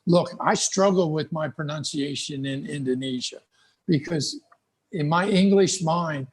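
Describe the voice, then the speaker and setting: A man with a Southern American accent speaks as guest speaker in a live online English class, easygoing and conversational. His voice is a little husky and sits fairly high for a man. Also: unhurried. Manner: relaxed and conversational, frequent "you know".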